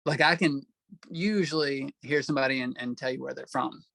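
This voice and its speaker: Southern-accented man, halting interview guest. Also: medium pitch, gravelly, a bit bright, no room sound. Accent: Southern US, Arkansas. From Arkansas, US. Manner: halting, with many "um"s and restarts. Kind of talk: casual interview answers.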